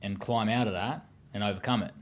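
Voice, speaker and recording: A man's voice: fairly low pitch, steady tone, a little fast. An Australian man speaking as an interview guest, telling his story in a blunt, profane, casual way with many fillers.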